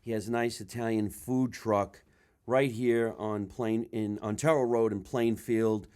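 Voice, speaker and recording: Animated low-voiced New man. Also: unhurried, clear, resonant tone. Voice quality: loud, animated, swears freely, acts out voices in stories. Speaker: podcast host. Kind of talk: casual comedic chat.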